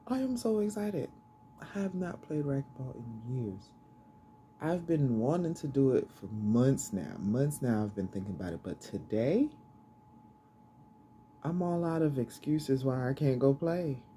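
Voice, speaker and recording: A woman's voice: very deep voice, animated, measured pace, pauses often, warm tone, a little hiss or hum. A middle-aged woman, chatting casually to her camera, repeating herself and making self-deprecating asides. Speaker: vlogger.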